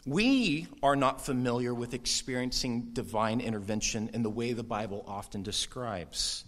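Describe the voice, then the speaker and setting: A man preaching a sermon, animated and conversational, with quick asides and brief mock voices for quoted people. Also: mid-range voice. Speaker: pastor.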